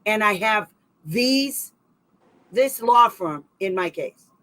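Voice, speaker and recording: A woman hosting a special education advocacy livestream in casual talk, rambling and animated, with quick sarcastic asides. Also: mid-range voice, low-quality recording.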